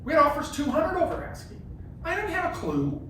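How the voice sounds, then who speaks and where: A man running a casual real estate training workshop, animated and joking, often asking "right?". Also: extremely high pitch, a little fast. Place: classroom with a group. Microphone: phone camera from across the room. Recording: very echoey room, distant, faint hiss.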